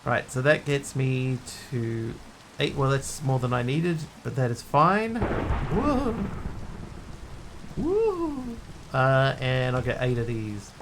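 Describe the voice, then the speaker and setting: Chatty gravelly-voiced man streaming a game. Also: medium pitch, a little slow, fairly bright tone, slight background noise. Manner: chatty, jokey, talks to chat while playing. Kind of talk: casual gameplay commentary.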